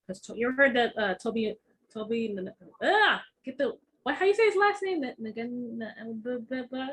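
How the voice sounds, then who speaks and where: A young adult woman from Texas co-hosting a podcast in casual chat, telling stories in an animated way and acting out quoted voices. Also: a little high, moderate pace, slightly rough, poor audio. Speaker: podcast co-host.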